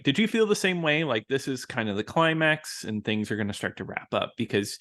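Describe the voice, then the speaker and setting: A man co-hosting a movie review podcast, chatty and quick to laugh, sometimes asking his co-host questions. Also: medium pitch, fairly bright tone. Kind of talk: casual movie review chat.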